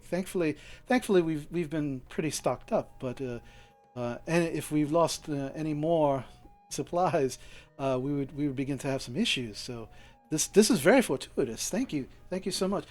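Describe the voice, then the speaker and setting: A man's voice: fairly high pitch, a little mellow, lightly acted. A man voicing a courteous young half-elf woman clerk who talks with hesitant restarts. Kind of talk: tabletop role-play voice.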